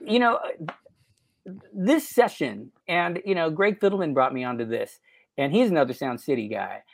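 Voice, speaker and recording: A record producer and engineer, guesting on a podcast, tells studio stories casually and ramblingly, packed with "you know" fillers and laughing at himself. His voice is on the high side and expressive, with vocal fry, at normal speed and without room sound.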